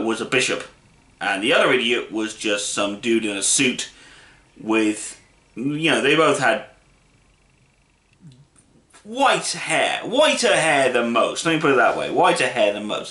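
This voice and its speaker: A man reviews a film in a loose, opinionated monologue, stumbling through fillers and restarts. His voice is bright and forceful, and the room around him rings with echo. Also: mid-range voice.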